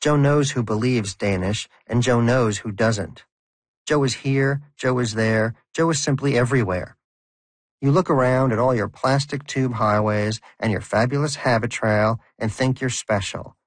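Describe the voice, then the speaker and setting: A man's voice: mid-range voice, dry recording, close to an everyday voice. A man doing a preachy devout hamster. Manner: solemn, sermonizing, slow and emphatic. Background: music.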